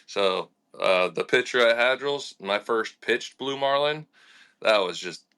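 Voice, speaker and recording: A young adult man, a fishing charter captain telling animated stories in a casual podcast interview, laughing and acting out quotes. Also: mid-range voice, a little slow, clear, resonant tone. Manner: animated and laughing, with lots of fillers and acted-out quotes.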